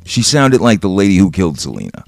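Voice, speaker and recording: Podcast host, male, low voice, heated sarcastic rant with faint music under it. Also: huge pitch swings, fast talker, vocal fry, no echo. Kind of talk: ranting monologue.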